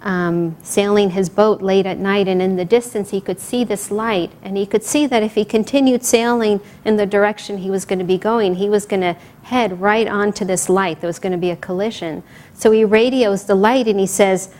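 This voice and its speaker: Woman speaker, sermon-style talk, lively storyteller who asks "right?" and drops to a whisper for quotes. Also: medium pitch, brisk. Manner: animated storyteller, laughs often, asks "right?"; drops to a soft whisper for sayings of saints. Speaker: speaker giving a spiritual talk.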